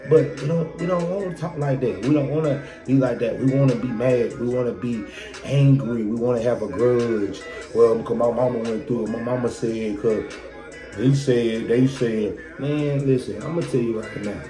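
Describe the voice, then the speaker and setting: A man's voice: medium pitch, normal speed. Blunt, profane man preaching over music. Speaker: podcast host. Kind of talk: motivational monologue. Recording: echoey room with loud music behind.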